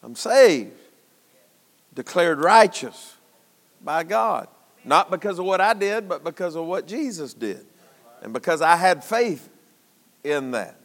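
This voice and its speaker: Man preaching, very high voice, lively swings, slow unhurried delivery, long church reverb. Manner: shouting and dropping low, folksy. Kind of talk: sermon.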